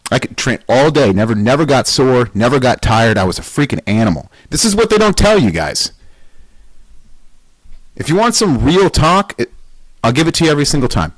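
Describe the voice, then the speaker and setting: A man's voice: mid-range voice, big pitch swings, fairly quick, no room sound, poor audio. A man hosting a weightlifting podcast in a casual, motivational monologue. He is emphatic and blunt, swears, and fires off rhetorical questions.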